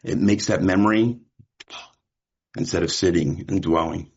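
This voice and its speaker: A man's voice: low voice, steady tone, normal speed, creaky, darkish tone, breathy edge. A man from California giving a candid, profane personal share at a recovery meeting, telling stories with quoted dialogue. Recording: muffled lo-fi recording.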